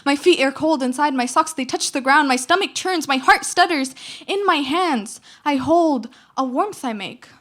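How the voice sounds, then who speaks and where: Teen girl slam poet, high voice, rhythmic and emphatic recitation with weighty pauses. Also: expressive, fairly bright tone. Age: teens. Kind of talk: spoken word poetry performance.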